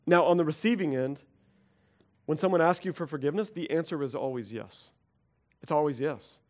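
Animated man preaching a casual sermon. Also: fairly high pitch, fairly quick. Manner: conversational, animated, acts out quoted voices. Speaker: pastor.

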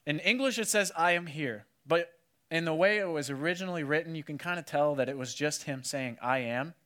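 A man preaching a casual sermon, telling the story with animated energy and acting out what people said. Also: a little high, fairly quick. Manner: animated storytelling, acts out quotes, many "like"s. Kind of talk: casual sermon to a youth audience.

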